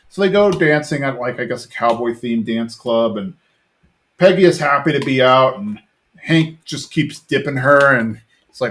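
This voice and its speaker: A man's voice: mid-range voice, a little slow. A man hosting a podcast, casually retelling a cartoon episode in a rambling way, full of fillers, briefly mimicking the characters' lines. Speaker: podcast host.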